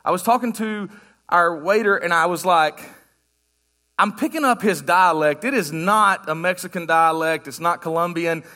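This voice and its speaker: Guest preaching in an American church sanctuary, a man delivers a sermon to the congregation in a loose, joking, conversational manner. His high voice sounds bright and forward, and he moves at a moderate pace.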